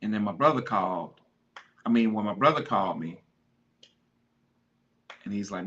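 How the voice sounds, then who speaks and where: A man hosting a podcast, urging listeners to honor their mothers and telling the story of losing his own, by turns fervent and hushed with grief. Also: lowish voice, animated, moderate pace, pauses often, highs cut off. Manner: impassioned, pleading, then hushed and grieving. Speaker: podcast host. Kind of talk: emotional personal storytelling.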